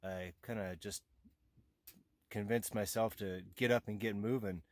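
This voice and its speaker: A man's voice: on the low side, steady tone, a little mellow, dry recording, low-quality recording. Groggy man rambling in a camp tent. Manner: rambling, halting, many fillers. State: groggy just after waking. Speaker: motocamping vlogger. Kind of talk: casual camp vlog. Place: inside a hot tent with a wood stove.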